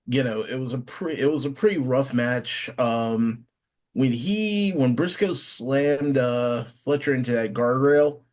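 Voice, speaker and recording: Easygoing young man, mid-pitched voice. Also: a little slow, a little mellow. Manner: easygoing, joking, with ums and restarts. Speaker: podcast co-host. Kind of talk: casual chat.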